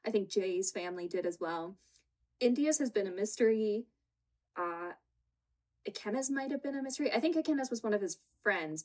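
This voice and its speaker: A woman co-hosting a casual chat, laughing often as she retells scenes. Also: medium pitch. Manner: giggly, retells scenes with quoted voices. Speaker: podcast co-host. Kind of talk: casual chat recapping a reality show. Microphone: home setup with green screen.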